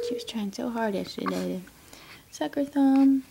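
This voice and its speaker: A woman's voice: high-pitched, expressive, brisk, gravelly, noisy background. A woman talking baby talk to her infant in a cooing, sing-song way.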